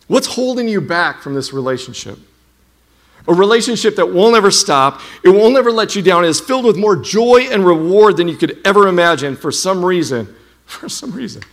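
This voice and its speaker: Animated man preaching a sermon. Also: sits high. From United States. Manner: animated storytelling with humor. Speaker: pastor.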